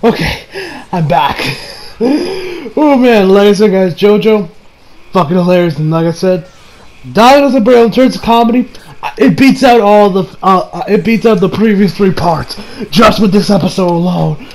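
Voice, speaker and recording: A man with a very high, gravelly voice recaps an anime episode in loose casual chat. He gets excitable, swears freely and keeps cracking up with laughter. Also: moderate pace, poor audio. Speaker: anime reviewer.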